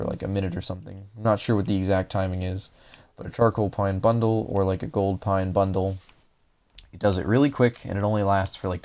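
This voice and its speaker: A man's voice: low voice, creaky, mellow. A young man casually talking viewers through a game walkthrough, explaining each step as he plays, his voice a little dry. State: voice drying out. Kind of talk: casual gameplay commentary.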